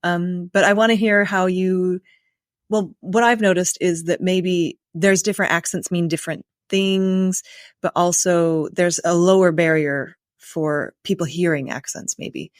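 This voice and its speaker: A woman's voice: on the low side, fairly even intonation, measured pace, dry recording, clean studio sound. An American woman from the United States hosting a podcast interview, conversational and thinking aloud. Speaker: podcast host.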